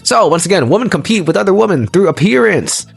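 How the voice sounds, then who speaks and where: A man's voice: sits high, very animated, fast, creaky, slightly rough, soft background music. A man giving a motivational audio lecture, emphatic and preachy, repeating his points for stress. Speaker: lecturer on relationships.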